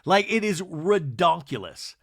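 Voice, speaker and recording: Animated, bright-voiced man recapping TV. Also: a little high, a little slow, gravelly, breathy edge, no room sound, studio quality. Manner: animated, camp, jokey asides. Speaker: podcast host. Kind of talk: comedic reality TV recap.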